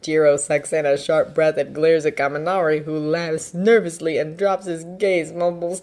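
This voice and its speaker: A woman narrating a fanfiction audiobook with an expressive, lively reading. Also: low-pitched, moderate pace, few pauses. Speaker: fanfiction reader.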